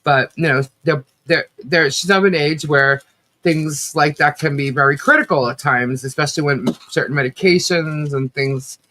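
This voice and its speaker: A woman co-hosting a casual livestream chat, rambling and laughing often, with a slight cough and a rough throat. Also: deep voice, normal speed, fairly bright tone. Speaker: livestream co-host.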